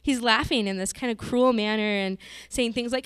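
A woman's voice: a little high, moderate pace, hardly any pauses, smooth, no echo. A woman from Montana telling a personal story in a vivid, dramatic way. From Montana, USA.

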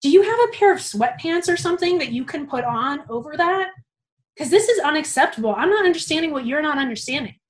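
An exasperated female supervisor tears into a student, her voice riding high and loud, as a woman acts her out. She repeats herself with indignant, scolding force. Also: lively intonation, a little fast.

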